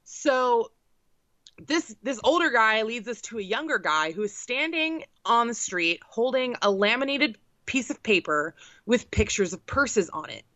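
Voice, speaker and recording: A young woman tells a casual comedy story, swearing freely and sounding exasperated. Her voice is bright and sharply lively, leaping around in pitch. The recording is close and dry. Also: measured pace, no room sound, dull audio. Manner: profane, animated, exasperated. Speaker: storyteller co-host.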